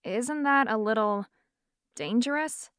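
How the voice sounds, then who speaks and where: A woman narrator voicing a calm, doubtful woman who questions her housemate with concern in an audiobook. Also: on the high side, clear, resonant tone, no echo, studio quality. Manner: measured, skeptical.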